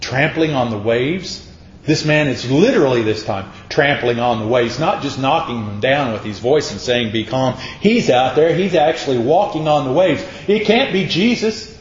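A man's voice: mid-range voice, moderate pace, a little hiss or hum. A man preaching a sermon, dramatic and acting out voices from the Bible. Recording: echoey room, dull sound.

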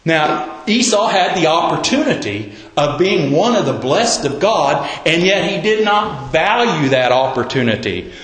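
A man's voice: on the high side, sing-song, unhurried, few pauses, fairly bright tone. A man preaching a sermon, telling the story in a folksy, conversational way. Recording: roomy echo.

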